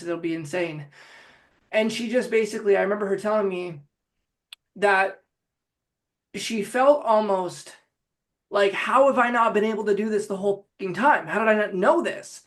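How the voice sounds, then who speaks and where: A man hosting a group coaching call, talking loosely with many filler words over a video call. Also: high voice. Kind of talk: casual group coaching talk.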